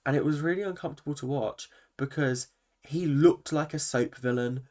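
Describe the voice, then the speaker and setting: A man's voice: fairly high pitch, normal speed. A man, a vlogger giving an opinionated, swear-laden recap of a reality TV episode. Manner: animated, opinionated, swears freely. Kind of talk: ranting reaction commentary.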